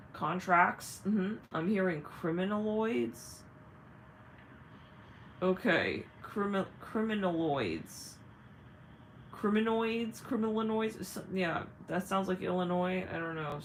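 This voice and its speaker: A woman's voice: mid-range voice, a little hiss or hum, low-quality recording. A woman doing a live psychic reading, talking frankly and bluntly, laughing often and swearing at times. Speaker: psychic reader. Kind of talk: live-stream spiritual reading.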